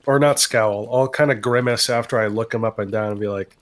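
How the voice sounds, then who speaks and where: A man's voice: on the low side, fairly quick, few pauses. A man playing a tabletop game, speaking dryly and matter-of-fact. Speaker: player. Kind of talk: tabletop role-play.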